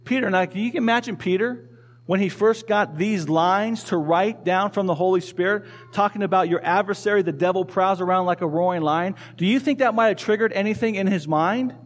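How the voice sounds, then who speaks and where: A man's voice: sits high, a little fast. A male pastor preaching a sermon in a conversational way, asking the congregation questions and repeating key phrases. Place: church.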